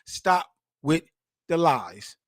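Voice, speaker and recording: A man in his forties reacting to news clips as host, animated, emphatic and mocking, full of slang. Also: a little high, drawn-out words, no room sound, clean studio sound.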